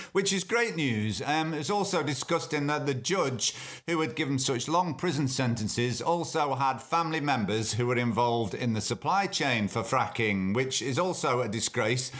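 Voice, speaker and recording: A man's voice: mid-range voice, a bit bright. A man hosting his podcast in casual solo chat. He sounds sardonic and sweary, with plenty of ums. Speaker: podcast host.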